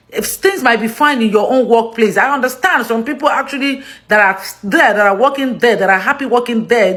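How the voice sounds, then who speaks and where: A Nigerian woman with a Yoruba accent, talking straight to her viewers in an affectionate, pleading way and often slipping into Yoruba. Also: mid-range voice. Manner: switches between English and Yoruba. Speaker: vlogger. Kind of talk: direct-to-camera appeal.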